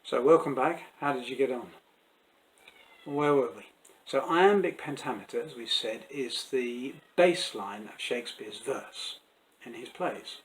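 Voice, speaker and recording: A man from England, an actor who teaches Shakespeare, talks through verse rhythm in a chatty, unscripted way. He stumbles and restarts now and then, and says the beats softly as he taps them out. His pitch sits in a middle range for a man. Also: unhurried, low-quality recording. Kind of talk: friendly explanatory talk to camera.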